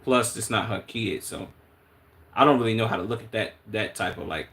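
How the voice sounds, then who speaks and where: A man's voice: lowish voice, brisk. Laid-back streamer man with a Chicago accent. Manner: relaxed, thinking aloud with slang and restarts. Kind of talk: casual live-stream commentary.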